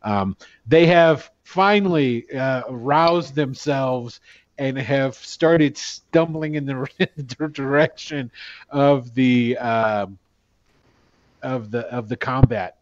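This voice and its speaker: A man running a tabletop game, narrating in a halting, chatty way full of ums and small laughs. His voice sits in the middle register. The sound is dry and close, but dull, like audio from an online call. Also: medium pitch, no room sound. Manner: halting, many fillers, chuckling. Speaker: game master.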